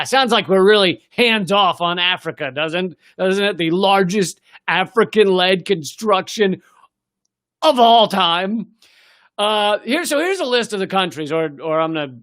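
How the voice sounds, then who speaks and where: American man, higher-pitched voice, sarcastic profane political commentary, mocking asides. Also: a bit bright. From United States. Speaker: political comedy show host.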